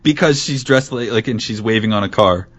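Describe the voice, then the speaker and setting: A man's voice: lowish voice, fairly quick, a bit bright, husky. A man co-hosting a casual chat in a wry manner, laughing often and mimicking people. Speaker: podcast co-host. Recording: dull lo-fi sound.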